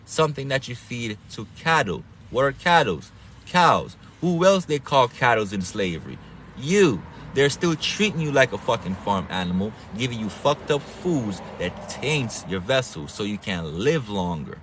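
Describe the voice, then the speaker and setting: A man's voice: medium pitch, big pitch swings, normal speed, a bit bright. Man, accented, swearing lecturer, casual preachy monologue, faint noise behind. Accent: non-standard English accent. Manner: profane, emphatic, lecturing, repeats words. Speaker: online health talk host.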